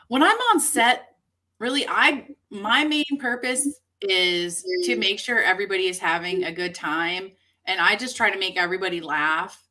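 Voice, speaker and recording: A woman's voice: medium pitch, bright, forceful tone. A woman co-hosting a talk show, telling a set story in a chatty, giggly way full of ums and likes. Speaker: co-host and indie horror actress. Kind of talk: casual storytelling chat.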